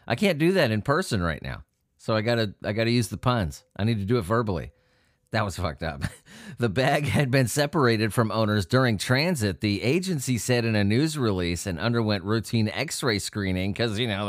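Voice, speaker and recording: A man's voice: mid-range voice, no echo, studio quality. A man reading odd news stories aloud and joking about them in a casual, profane way, often laughing as he reads. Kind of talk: casual solo commentary on news.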